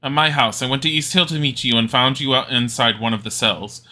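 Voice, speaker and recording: A man voicing a calm male doctor who reassures and explains to a friend, reading game dialogue aloud. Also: medium pitch, a little fast. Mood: reassuring.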